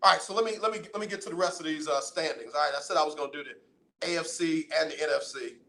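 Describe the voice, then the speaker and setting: A man hosting a sports radio talk show, teasing and preaching to callers in loud, playful banter. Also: on the high side, quick pace. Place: radio studio.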